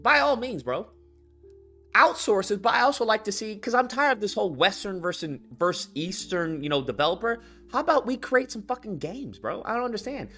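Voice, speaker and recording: A man's voice: high-pitched, lively intonation, fairly quick, pushed and bright, soft background music. Heated, swearing man ranting live. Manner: profane, heated, rants and repeats itself. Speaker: livestream host reading chat. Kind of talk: unscripted gaming rant.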